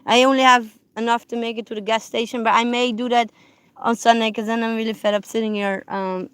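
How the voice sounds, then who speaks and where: A woman chatting on a live stream from her parked car, rambling with many fillers and restarts, and softly cooing to her dogs. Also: a little high, little pitch movement, fairly quick, clean tone, no echo. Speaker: livestreamer. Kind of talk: casual live-stream chat. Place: parked car on public land.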